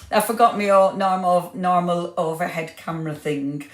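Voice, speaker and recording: Woman, craft stream host, chatty and rambling, slightly low voice, echoey room. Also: moderate pace. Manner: chatty, greets viewers by name, giggly, rambling. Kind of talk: casual livestream chat.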